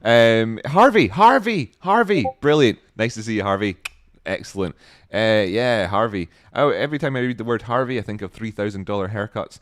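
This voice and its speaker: A man hosting a livestream, chatting casually and reading out viewer comments with jokes and sudden excited exclamations. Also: lowish voice, fairly quick, no room sound, studio quality. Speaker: livestream host.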